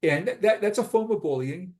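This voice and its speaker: A retired police sergeant from Boston, USA, in his fifties, tells his story in a casual interview. His voice is high and a little mellow, a bit fast, with lively intonation, and he comes across as blunt and frank with a strong Boston accent.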